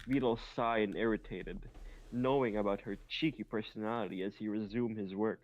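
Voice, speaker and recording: A man's voice: fairly low pitch, steady tone, moderate pace, muffled recording. A man reading fan fiction aloud, stumbling on awkward grammar and making joking asides. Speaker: reader.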